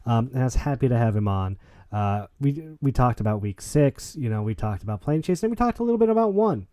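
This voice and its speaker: A man's voice: mid-range voice, brisk, dry recording, clean studio sound. Jokey man hosting a podcast. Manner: excitable, jokey, trailing restarts. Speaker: podcast host. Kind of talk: casual podcast chat and wrap-up.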